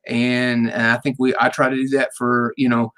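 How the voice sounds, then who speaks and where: A man's voice: medium pitch, monotone, moderate pace, fairly bright tone. A man hosting a weekly live radio interview, talking in a rambling, friendly way. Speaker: radio show host. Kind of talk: casual interview chat.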